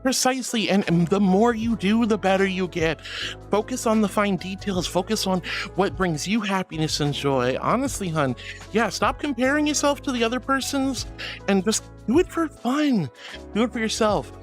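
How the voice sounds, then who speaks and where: A woman's voice: medium pitch, moderate pace, faint music behind. A woman streamer chatting casually with viewers in a bubbly, giggly, affectionate way. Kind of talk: casual livestream chat.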